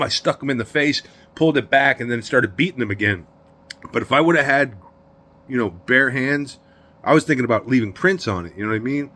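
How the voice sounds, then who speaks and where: Streetwise New man telling a story. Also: mid-range voice. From New York. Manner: streetwise slang, emphatic and animated. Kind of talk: storytelling in an interview.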